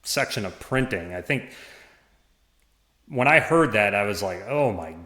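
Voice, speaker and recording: A man talking as a podcast guest, in a halting way with many restarts and small laughs. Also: fairly low pitch, expressive, bright, forceful tone. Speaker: podcast guest, former parish administrator. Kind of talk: casual conversation. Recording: roomy echo.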